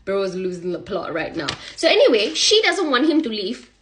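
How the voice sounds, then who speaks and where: A young woman telling a gossip story casually on social media, sassy and animated, acting out the quoted lines. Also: mid-range voice, fairly quick, slight background noise.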